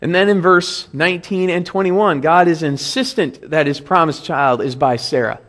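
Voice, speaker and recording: A man's voice: a little high, normal speed, a bit bright. Male pastor, casual teaching sermon, reads scripture with emphasis. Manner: conversational explaining, reads scripture aloud with emphasis. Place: church.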